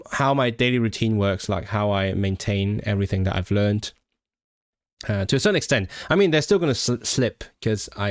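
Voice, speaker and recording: A young man from Hong Kong answers viewer questions on a casual livestream, speaking right into a large close microphone. His voice sits at an ordinary middle pitch and sounds dry, with no room around it. He laughs easily and often stops and restarts his words. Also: no echo. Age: young adult. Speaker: language-learning streamer. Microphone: large microphone close to the face.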